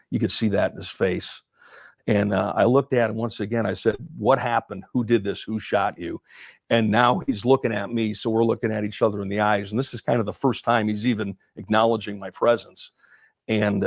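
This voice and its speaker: A man, a former police officer, telling a story in an interview, halting and full of fillers and restarts. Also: on the low side, vocal fry, no echo, studio quality.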